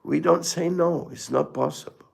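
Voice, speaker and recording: Older man with a gravelly, husky voice. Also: fairly high pitch, fairly even intonation, a little mellow. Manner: storytelling, halting restarts, rhetorical asides. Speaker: guru giving a spiritual talk. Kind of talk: informal spiritual lecture.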